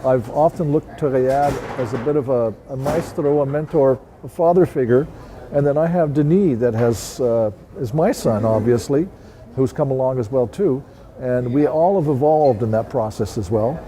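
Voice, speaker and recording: A middle-aged man talking in a documentary interview, hesitant and pausing often on "uh". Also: mid-range voice, mellow. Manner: hesitant, many "uh" fillers. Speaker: snow sculptor.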